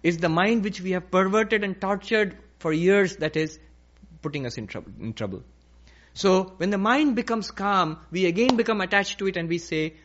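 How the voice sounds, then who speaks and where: A man giving a slow, emphatic spiritual lecture, repeating key phrases as he teaches. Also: high voice, fairly bright tone. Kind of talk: philosophical lecture. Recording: dull lo-fi recording.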